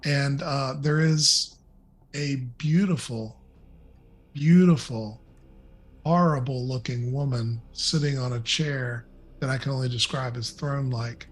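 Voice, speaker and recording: A man narrating a tabletop game as dungeon master, in a relaxed, descriptive way with frequent fillers. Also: mid-range voice, measured pace.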